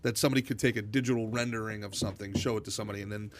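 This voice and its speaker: A man's voice: on the low side, steady tone, very fast. A man in casual podcast chat, explaining with conversational asides.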